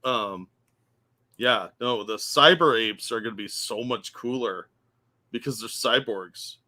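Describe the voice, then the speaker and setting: Bright-voiced chatty podcast co-host man. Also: medium pitch, measured pace. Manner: chatty, explanatory, joking. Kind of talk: casual podcast banter.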